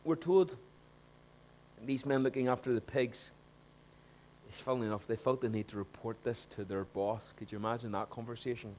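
A man preaching a sermon, swinging between hushed asides and loud, emphatic points. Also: medium pitch, normal speed, slight background noise.

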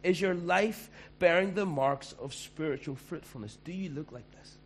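A man's voice: on the high side, moderate pace, slight background noise. A man preaching a sermon as pastor, conversational and emphatic.

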